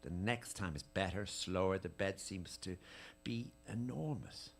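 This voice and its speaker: A man giving a dramatic reading of letters at a live tribute event, with an intimate, measured, lingering delivery. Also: low-pitched, gravelly, faint music behind.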